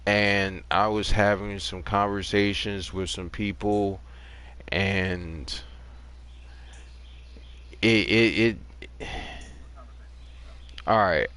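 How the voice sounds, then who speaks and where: Blunt, slow-talking man in his thirties. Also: on the low side, a bit bright. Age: 30s. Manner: blunt, profane, sarcastic. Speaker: gaming livestreamer. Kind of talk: casual ranting commentary on a livestream.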